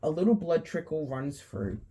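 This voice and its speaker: A woman's voice: low voice, lively intonation, normal speed, mellow, husky. A woman casually narrating a fan story in a loose way, with fillers.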